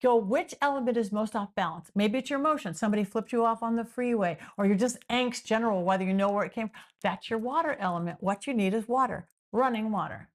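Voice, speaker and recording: A woman with a fairly high voice speaks as a podcast guest. She explains in an animated way, stacks up long lists of words and circles back to the same points, and now and then slips into the voices of imagined people. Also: quick pace, hardly any pauses. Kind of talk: explanatory interview talk.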